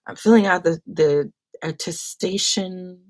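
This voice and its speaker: A young adult woman casually telling an animated, rambling story on her live stream. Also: on the low side, measured pace, a little hiss or hum. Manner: animated, rambling, acts out quotes.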